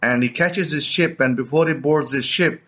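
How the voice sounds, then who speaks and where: Storytelling preacher man, fairly high voice. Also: moderate pace, highs cut off. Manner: animated retelling, repeats and restarts words. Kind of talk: storytelling teaching.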